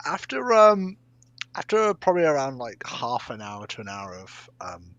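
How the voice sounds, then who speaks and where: Bright, lively young man narrating a tabletop game. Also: a little high, measured pace, dry recording, highs cut off. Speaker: dungeon master.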